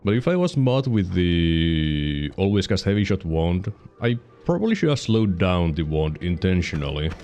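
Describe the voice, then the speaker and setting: A man's voice: low-pitched, big pitch swings, moderate pace, hardly any pauses, darkish tone, soft background music. A man with a Finnish accent giving casual gameplay commentary while streaming, rambling and correcting himself as he explains mechanics, hiccuping now and then. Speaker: game streamer.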